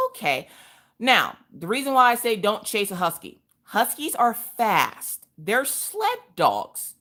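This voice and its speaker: Animated, sassy woman telling a story. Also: mid-range voice, moderate pace. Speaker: craft livestream host. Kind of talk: casual storytelling chat.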